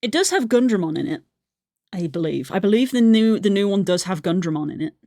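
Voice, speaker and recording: A woman's voice: mid-range voice, big pitch swings, fairly quick, dark tone, no echo, studio quality. A woman streamer chatting in a rambling way while she draws, often laughing. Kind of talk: casual chat while drawing on stream.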